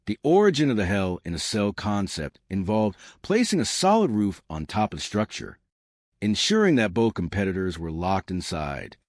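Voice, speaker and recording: A man reading scripted documentary narration in a measured, expository way. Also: on the low side, a little mellow, no echo, studio quality.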